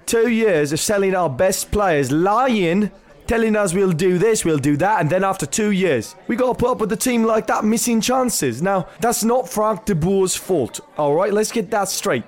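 A man's voice: high voice, animated, normal speed, soft background music. A man playing an angry English football fan in a comedy sketch, ranting at an interviewer. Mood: indignant. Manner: ranting, repeats a wrong name.

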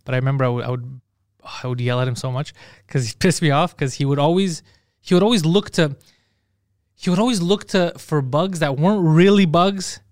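A male podcast host telling stories in a casual chat, animated and full of swearing. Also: on the high side, a little fast, dry recording, clean studio sound. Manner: animated, swears a lot, acts out quotes.

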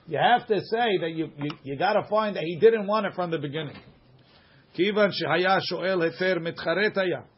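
A man leads a Talmud class, reading passages and rapidly explaining them in English with everyday examples. His voice is a little high and husky, and the audio sounds dull.

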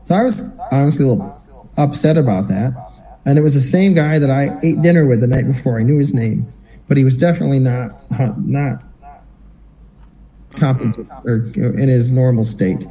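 A man's voice: mid-range voice, normal speed, poor audio. A man co-hosting a podcast, telling a long personal story in casual chat and acting out what people said. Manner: animated anecdotal storyteller, acts out quotes. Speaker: podcast co-host.

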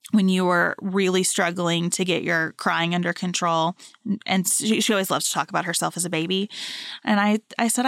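A woman in her thirties co-hosting a podcast, telling a family story in an animated, chatty way. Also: mid-range voice, brisk, no echo, clean studio sound. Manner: warm, animated storytelling with laughs. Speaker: podcast co-host.

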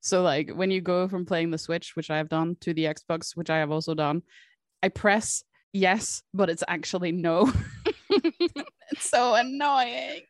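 Woman cohost, lowish voice, laughs a lot, loose chatty talk, dry close sound. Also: steady tone, moderate pace, dry recording. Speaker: podcast co-host. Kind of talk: casual chat.

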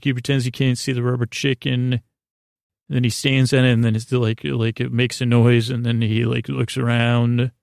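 A man with a gravelly, creaky edge tells a long story in a loose, meandering way, often stopping to search for words. He sounds close and dry, with no room around him. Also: mid-range voice, darkish tone, dry recording. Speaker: podcast host. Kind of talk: rambling storytelling monologue.

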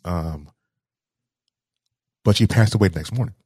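A man with a low, husky voice talks slowly and haltingly, circling back over his words. The sound is close and dry. He speaks in a heartfelt interview. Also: a little mellow, no echo. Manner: halting, repeats words, grieving tone. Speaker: guest. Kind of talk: emotional interview storytelling.

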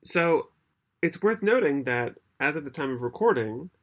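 A man's voice: a little high, sing-song, normal speed, a bit bright. A man co-hosting a podcast in casual chat, explaining at length and laughing often. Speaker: podcast co-host.

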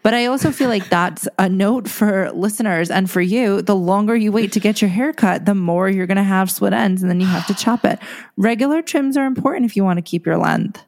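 A woman's voice: mid-range voice, a little fast, a little mellow. A young woman co-hosting a casual podcast, frank and giving blunt, friendly advice. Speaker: podcast co-host. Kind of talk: casual chat.

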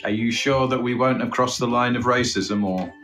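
A man from England co-hosting a comedy podcast, bantering casually with dry jokes that trail off low. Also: moderate pace, fairly bright tone, soft background music.

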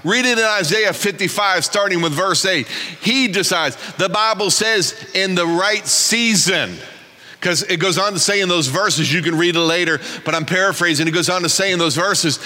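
A man preaching a sermon in a church, animated and folksy, joking about himself. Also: high-pitched, big-room sound. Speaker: pastor.

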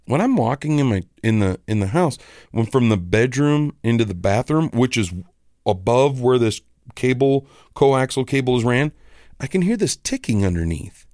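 A man's voice: mid-range voice, sing-song, normal speed, a little mellow, no echo, studio quality. A man hosting a podcast, ranting casually and with irritation, with some swearing. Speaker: podcast host.

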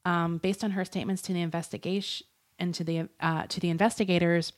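A woman with a slightly low voice tells a true-crime story in loose, casual podcast chat. She rambles and trails off into fillers, laughing often as she goes. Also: flat delivery, fast. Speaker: podcast co-host.

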